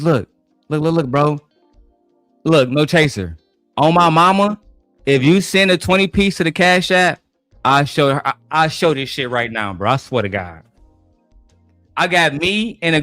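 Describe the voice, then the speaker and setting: Heated, fast-ranting man. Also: fairly high pitch, a bit bright, dry recording, studio quality, faint music behind. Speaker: live streamer. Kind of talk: ranting live stream.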